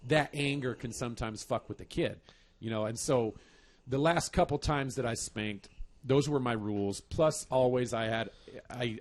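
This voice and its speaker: A man in his thirties chatting on a podcast, telling a profane story about his kids with frequent laughter. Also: mid-range voice. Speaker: podcast host. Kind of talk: casual chat.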